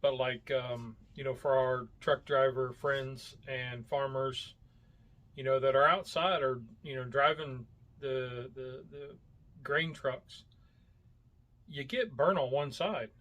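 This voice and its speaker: A man's voice: mid-range voice, steady tone, takes it slowly, fairly bright tone. A man co-hosting a casual podcast chat, rambling and searching for words with lots of fillers. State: coughing from hot coffee. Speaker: podcast co-host.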